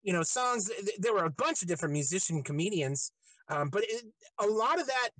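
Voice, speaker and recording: The host of a podcast chats with a comedian guest, easygoing and quick to laugh, tossing in the odd swear word. The recording is dry and close, with no echo. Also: medium pitch, animated, fairly bright tone. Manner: laughs often, loose and profane. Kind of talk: casual interview chat.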